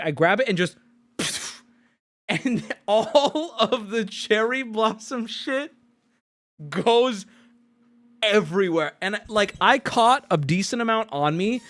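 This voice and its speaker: Animated high-voiced male streamer. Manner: animated, profane, jokey storytelling. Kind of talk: casual stream storytelling.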